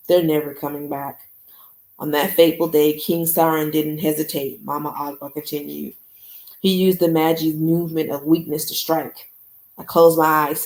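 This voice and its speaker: A woman hosting a podcast, reading a novel aloud and breaking off for relaxed, casual chat with her listeners. Her voice is on the low side, and the room gives it a clear echo. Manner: casual, chatty, says "y'all". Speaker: podcast host. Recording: echoey room.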